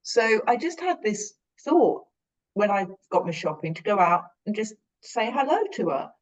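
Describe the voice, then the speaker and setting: On a podcast, a British woman from Britain reflectively tells a personal story, rambling and earnest, often correcting herself. Her medium-pitched voice is sing-song at a normal speed, though the audio sounds dull.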